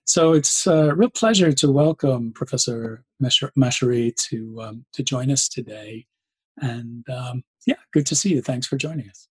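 A man's voice: medium pitch, moderate pace, a little mellow, husky, rough recording. A man hosting an interview show, introducing his guest in a formal, effusive way with frequent ums. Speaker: podcast host.

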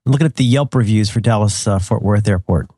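A man's voice: on the low side, fast talker, mellow, breathy edge, dry recording, clean studio sound. A middle-aged man chatting casually as a podcast co-host, rambling with many restarts and laughing at his own jokes. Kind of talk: casual chat.

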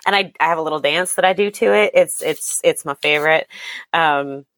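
Woman, podcast guest, low voice, enthusiastic, rambling fillers, dry sound. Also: fairly quick, a bit bright, no echo. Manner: enthusiastic, chatty with many fillers. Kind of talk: casual chat.

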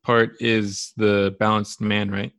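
Gravelly-voiced man chatting on a podcast. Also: fairly low pitch, flat delivery, slow, a bit bright, no echo, studio quality. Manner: loose, searching for words, stammering restarts. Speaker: podcast co-host. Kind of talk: casual podcast discussion.

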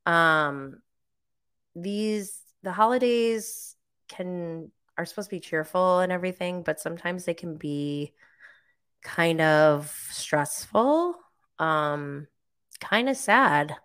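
A woman talks through a live recap in a loose, chatty way, leaning on "like" and "um". Her voice sits a bit low but has a bright, forceful edge. She gets animated and squeaks up high when quoting herself. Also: takes it slowly, clear, resonant tone. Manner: chatty, filler-heavy, lots of "like". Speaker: live show host recapping reality TV. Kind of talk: casual live-stream chat.

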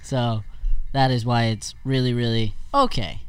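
A man co-hosting a podcast, joking with quick asides. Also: medium pitch, fairly even intonation, clean tone. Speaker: podcast co-host. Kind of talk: casual chat.

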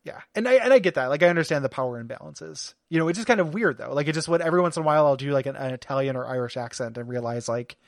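Podcast co-host, male, slightly high voice, rambling chatty delivery, dry close mic. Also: animated, rapid-fire, creaky, few pauses, dry recording. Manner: rambling, lots of fillers and restarts, laughs often. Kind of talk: casual chat about a video game. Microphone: studio microphone.

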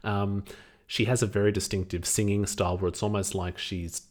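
A man's voice: fairly low pitch, little pitch movement, a little fast, darkish tone. A man with an Australian accent, co-hosting a podcast in wry, slightly hesitant casual chat. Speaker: podcast co-host.

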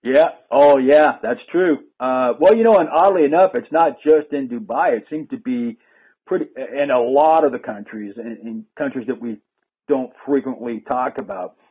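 A man's voice: medium pitch, normal speed, breathy edge. A man hosting a casual conversation, rambling and hesitant with frequent restarts. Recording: phone-like lo-fi line.

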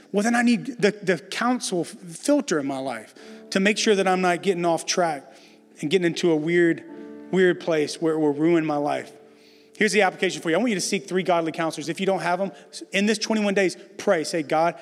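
High voiced middle aged pastor guy preaching, chatty and emphatic, big echoey church, faint music under it. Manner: emphatic, conversational preaching with self-deprecating jokes. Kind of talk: sermon. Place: large church hall before a congregation. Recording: reverberant hall with soft music behind.

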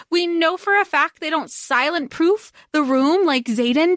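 Woman co-host, high pitched, chatty and questioning, dry close mic. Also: animated, unhurried, hardly any pauses, a bit bright, no room sound. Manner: chatty, questioning, laughs between points. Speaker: podcast co-host. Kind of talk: casual book-discussion chat.

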